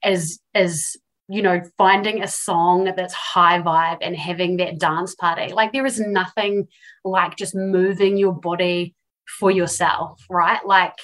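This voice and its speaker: A woman's voice: lowish voice, fairly even intonation, slow pace. A woman guest on a podcast, chatting enthusiastically about wellness with lots of fillers. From New Zealand. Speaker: podcast guest, empowerment coach. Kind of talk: casual podcast interview.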